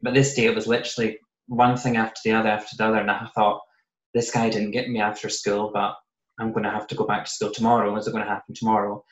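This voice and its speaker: A British man quietly telling a personal story in a casual podcast chat, often voicing what he said and thought back then. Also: on the low side, level tone, fast talker. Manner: soft-spoken, recounting with quoted asides. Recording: roomy, slightly muffled podcast audio.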